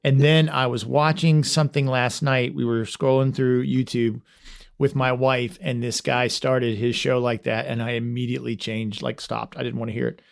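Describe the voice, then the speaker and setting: A man's voice: mid-range voice, flat delivery, moderate pace, gravelly. A man hosting a podcast in casual, joking, self-deprecating chat. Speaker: podcast host.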